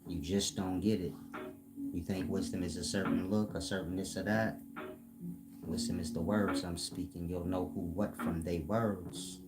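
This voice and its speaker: Deep-voiced man lecturing his stream chat. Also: fairly even intonation, normal speed. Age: older. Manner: blunt, lecturing, scolding trolls. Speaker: livestream host. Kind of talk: live-stream monologue to chat. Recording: loud guitar music behind.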